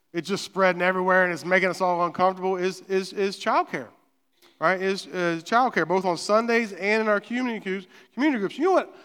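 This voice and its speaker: A man preaches a sermon, his high voice smooth and resonant. He talks conversationally, repeating words and checking in with the room. A long church-hall reverb trails behind him. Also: fairly bright tone. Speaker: pastor. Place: church sanctuary.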